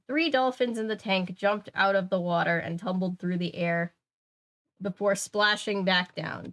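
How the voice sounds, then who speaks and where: A woman's voice: mid-range voice, measured pace, a bit bright. A young woman reading a kids' mystery book aloud, breaking off for chatty, jokey asides. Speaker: channel host. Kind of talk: casual reading aloud with commentary.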